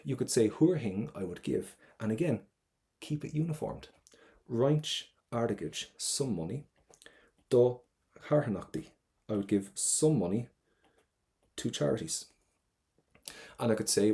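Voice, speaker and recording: A man's voice: fairly low pitch, animated, normal speed, pauses often, dark tone. A man with an Irish accent teaching an online exam-prep lesson, chatty and encouraging, repeating phrases for drilling.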